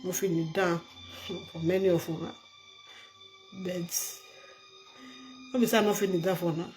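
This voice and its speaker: A woman's voice: fairly low pitch, fairly even intonation, normal speed, a little mellow, faint music behind. An older woman from Nigeria speaks in a Nigerian Pidgin accent. She talks casually to her viewers, emphatic and pleading, and repeats her points as she goes. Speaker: vlogger. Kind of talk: casual direct-to-camera vlog.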